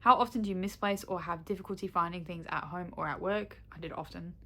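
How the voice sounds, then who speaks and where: A woman's voice: on the low side, steady tone, fast talker, bright, forceful tone. A young woman vlogging in casual chat, candid and rambling, swearing freely and laughing often.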